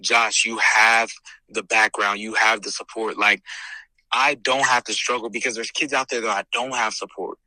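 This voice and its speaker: A young man from California shares his faith journey in an earnest, animated voice that slips into preacher-like emphasis. His tone is bright and forceful, and the recording is dry and close. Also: lowish voice, moderate pace, no room sound, poor audio. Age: young adult. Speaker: guest, host's son. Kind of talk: casual faith conversation.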